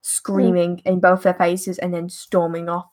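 A woman's voice: fairly low pitch, completely flat delivery, unhurried, darkish tone. A woman narrating a tabletop game as game master, in a casual, rambling way with frequent hesitations.

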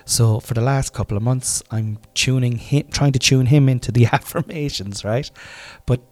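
A man's voice: medium pitch, normal speed, a little mellow. An Irish man in his forties telling family stories casually, swearing and laughing at himself. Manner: swearing, laughing, self-deprecating. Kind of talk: casual storytelling monologue.

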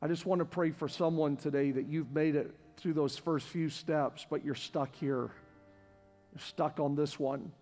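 Impassioned preacher in a reverberant church. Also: male voice, a little high, fairly even intonation, measured pace. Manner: impassioned, repetitive preaching that builds to near-shouting. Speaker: pastor. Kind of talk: sermon. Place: church sanctuary with live congregation. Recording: long hall reverb with faint music.

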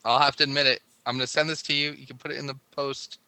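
A man's voice: medium pitch, little pitch movement, fast talker, sharp tone, clean tone, no echo. A man co-hosting a podcast in casual chat, rambling and laughing as he talks. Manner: chatty, rambling, laughs often. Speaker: podcast co-host.

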